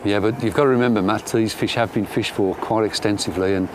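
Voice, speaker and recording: Chatty older angler. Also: male voice, lowish voice, fairly even intonation, quick pace, noisy background. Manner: chatty, self-deprecating. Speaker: angler and show presenter. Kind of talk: casual fishing commentary. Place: outdoors by a lake.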